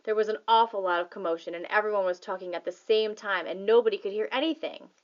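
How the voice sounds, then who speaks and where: A woman narrating a children's novel as an audiobook reader, in a plain, steady manner. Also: medium pitch, fast talker. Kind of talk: scripted narration. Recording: slightly dull audio.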